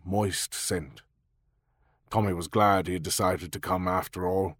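A man narrating an audiobook in a measured, even storytelling manner into a close studio microphone. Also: low-pitched, slightly rough, no echo.

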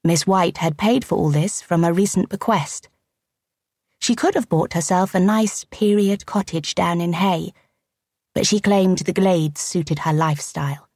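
A woman reading a novel aloud as an audiobook narrator, with measured, arch storytelling delivered close to a studio mic. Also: lowish voice, darkish tone, no room sound. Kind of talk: scripted narration.

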